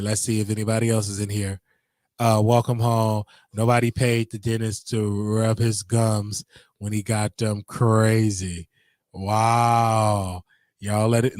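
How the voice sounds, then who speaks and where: A man's voice: on the low side, darkish tone, dry recording, studio quality. A man hosting a casual livestream, talking to his chat in a rambling, repetitive way with preacher-like call-outs. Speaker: livestream host.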